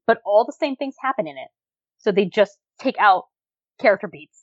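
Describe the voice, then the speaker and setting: A woman co-hosting a podcast in casual chat, animated, with lots of fillers and frequent laughter. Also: mid-range voice, moderate pace, no echo, highs cut off. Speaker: podcast co-host reviewing dramas.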